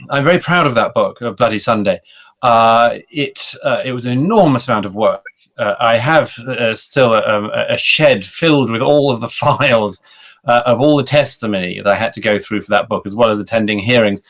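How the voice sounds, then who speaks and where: A British man in his forties, a guest author giving a thoughtful interview answer, speaking in a measured, hesitant way with many fillers and restarts, over a video call. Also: medium pitch, a bit bright. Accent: British English. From Britain. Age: 40s.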